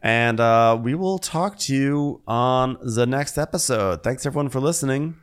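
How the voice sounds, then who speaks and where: A man's voice: medium pitch, moderate pace, clear, resonant tone. A man co-hosting a comedy podcast, recapping a reality show casually, laughing often and mimicking the cast. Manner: laughs often, mimics people in raised voices. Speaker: podcast co-host.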